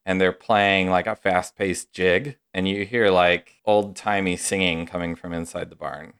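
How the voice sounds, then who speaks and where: A man narrating a tabletop game as game master, unhurried and descriptive. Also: deep voice, fairly even intonation, fairly bright tone, smooth.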